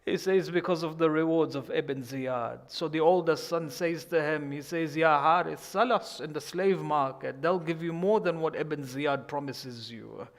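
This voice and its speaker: A man preaching in a mosque, telling a tragic story in a mournful sermon, moving from hushed tones to loud, slow, pleading lines. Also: on the high side. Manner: tells a tragic story, quiet at first, growing louder and slower.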